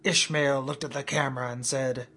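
A man narrating a comic story in a deadpan storytelling manner. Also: mid-range voice, moderate pace.

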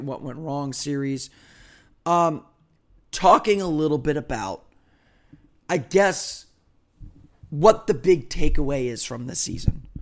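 Male podcast host, hoarse throughout, slightly high voice, rambling and self-deprecating. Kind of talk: casual solo podcast talk.

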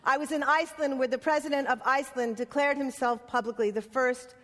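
A woman's voice: high voice, steady tone, brisk, a bit bright. A woman playwright and activist giving a conference speech in impassioned, rhythmic lists. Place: conference hall. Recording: long hall reverb.

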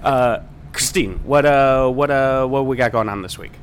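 A man's voice: medium pitch, moderate pace, a little hiss or hum. A man co-hosting a podcast in casual banter, rambling and joking, with many "like"s. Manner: rambling, jokey, heavy on "like". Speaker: podcast co-host.

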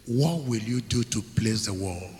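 A man's voice: lowish voice, expressive, a little slow, darkish tone. A man preaching a sermon as a pastor, emphatic, asking rhetorical questions and repeating phrases. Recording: echoey hall with long reverb.

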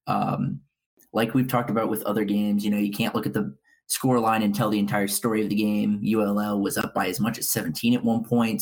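A man co-hosts a college football talk show and gives blunt, opinionated takes on the week's games. His voice is low and gravelly, with a husky grain. He speaks in a steady, analytical way. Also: rough recording.

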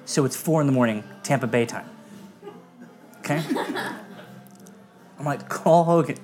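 A man's voice: mid-range voice, measured pace. A man in his forties telling a wild party story as a podcast guest, swearing freely and laughing through it. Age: 40s. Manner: profane, laughing, animated retelling. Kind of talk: comedic storytelling.

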